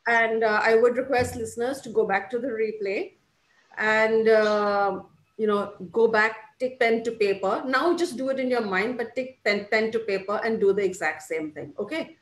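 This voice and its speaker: A woman life coach telling stories in a casual interview, acting out quoted voices with lively expression. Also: on the high side, moderate pace, echoey room. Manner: animated storytelling with quoted voices.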